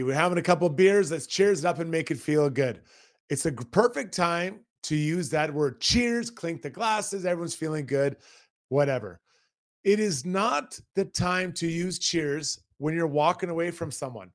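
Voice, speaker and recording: A man's voice: on the high side, expressive, moderate pace. A man in his forties on a casual podcast, ranting with mock outrage about a pet peeve. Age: 40s. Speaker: podcast co-host.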